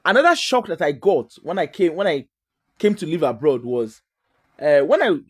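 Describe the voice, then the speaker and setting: A Nigerian man with a fairly high voice tells stories in a relaxed, chatty way. His pitch swings widely as he talks, and he slips Pidgin into his English with frequent laughs. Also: moderate pace. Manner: animated, mixes Pidgin into English, laughs often. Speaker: guest. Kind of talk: casual storytelling.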